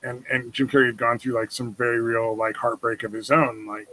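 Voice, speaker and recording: A man's voice: medium pitch, little pitch movement, brisk, sharp tone, low-quality recording. A man co-hosting a podcast in an easygoing, casual way, swearing often and filling his talk with "like". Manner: laid-back, profane, peppered with "like". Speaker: podcast co-host. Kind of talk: casual chat.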